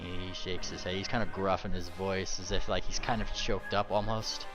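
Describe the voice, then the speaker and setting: A man narrating as game master of a tabletop game, in a casual, halting way with many fillers. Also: deep voice, fairly even intonation, over music.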